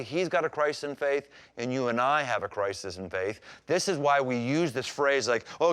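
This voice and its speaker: A man preaching a sermon as pastor, conversational and emphatic, acting out scripture scenes. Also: a little high. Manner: animated, acts out scripture scenes with voices.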